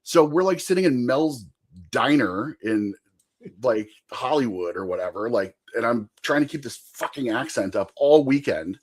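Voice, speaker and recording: A young man telling a rambling, funny anecdote as a podcast guest, his pitch swinging up and down through the story. He laughs often and keeps the tone casual. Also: lively intonation, normal speed.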